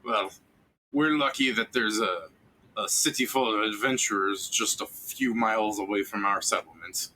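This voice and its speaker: A man's voice: on the low side, normal speed, bright, forceful tone, a little hiss or hum, low-quality recording. A man doing a snippy worried townsman. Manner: rambling, sarcastic.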